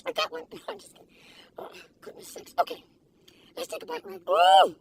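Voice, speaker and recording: A woman taste-testing food in a casual vlog, talking in an excitable, giggly, gushing way. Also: very high-pitched, fairly quick, creaky. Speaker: food reviewer. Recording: distant mic with faint background noise.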